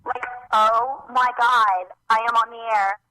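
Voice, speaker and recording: A woman's voice: fairly high pitch, fairly even intonation, unhurried, background noise, close to an everyday voice. A woman voicing Tiffany, a ditzy starstruck young fan, in a prank voicemail with squealing valley-girl gushing. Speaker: answering machine caller.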